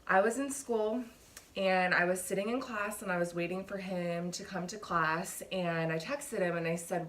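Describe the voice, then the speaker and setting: Low-voiced woman telling a painful story. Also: steady tone, a little slow, fairly bright tone. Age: 30s. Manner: emotional retelling, frequent "like". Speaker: vlogger. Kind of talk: personal storytelling vlog.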